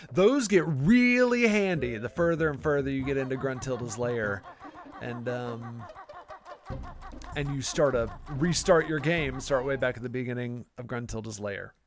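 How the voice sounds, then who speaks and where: A man hosting a live gameplay stream, chatting casually in a rambling, self-deprecating way with plenty of fillers. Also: medium pitch. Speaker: gaming channel host.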